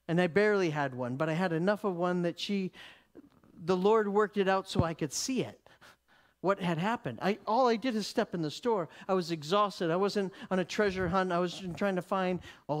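A man preaching, telling a story in an animated way, laughing often and repeating words as he goes. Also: high voice. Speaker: preacher teaching. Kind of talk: sermon storytelling.

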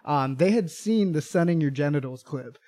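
Male podcast co-host, high voice, casual storytelling, acts out the people in his stories. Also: normal speed. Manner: animated storyteller, acts out quotes.

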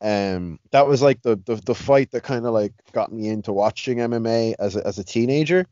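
A man's voice: mid-range voice, fairly quick, warm tone, no echo. A man chatting casually about fights, rambling with many restarts and "you know". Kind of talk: casual chat. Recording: dry, slightly dull lo-fi sound.

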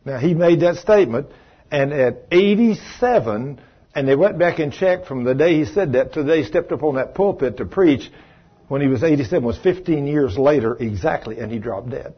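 A man's voice: on the high side, animated, moderate pace, husky. A man preaching a sermon in a folksy, emphatic way, with conversational asides to the congregation. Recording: dull lo-fi recording.

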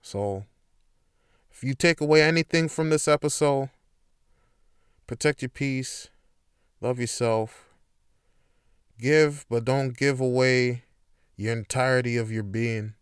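A man's voice: mid-range voice, slow pace, long pauses, smooth, dry recording, clean studio sound. A man hosting his own podcast, talking candidly and emphatically in a casual motivational monologue, with plenty of swearing. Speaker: podcast host.

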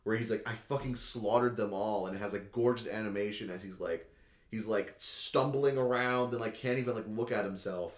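A man chatting casually as a podcast host, rambling and excitable, leaning on "like" and swearing a lot. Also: on the low side, fairly quick. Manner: rambling and excitable, heavy use of "like", swears often. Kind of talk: casual chat recapping an anime episode. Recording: echoey room.

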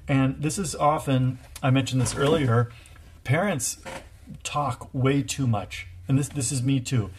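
Co-host, man, thirties, earnest and reflective, halting restarts, casual advice talk. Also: medium pitch, creaky, husky. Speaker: co-host, parent.

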